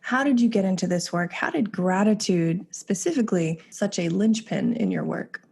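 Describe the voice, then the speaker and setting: A woman's voice: mid-range voice, very animated, moderate pace, creaky, darkish tone, slightly rough. A woman in her thirties hosting a podcast, talking in a chatty, enthusiastic way and reading sponsor ads. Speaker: podcast host. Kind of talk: casual podcast talk and ad reads.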